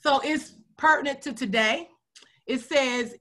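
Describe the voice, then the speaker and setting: Bright-voiced woman host. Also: fairly high pitch, animated, measured pace. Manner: heartfelt, earnest, near tears at times. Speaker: radio host. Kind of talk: emotional hosting on a video call.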